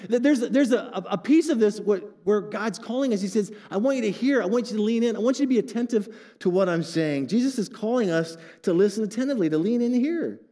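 An older man preaching a sermon to his congregation, animated and joking with asides. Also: sits high, big-room sound. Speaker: pastor.

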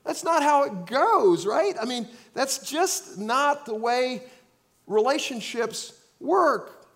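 A man preaching a sermon, swinging between loud acted-out outbursts and quiet, earnest asides. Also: very high-pitched, expressive, slow. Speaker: pastor.

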